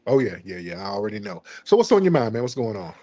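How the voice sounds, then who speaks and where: A man hosting a livestream call-in show, taunting callers with quick mocking comebacks in casual chat. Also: on the low side, very animated, dark tone, faint music behind. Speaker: livestream host taking callers.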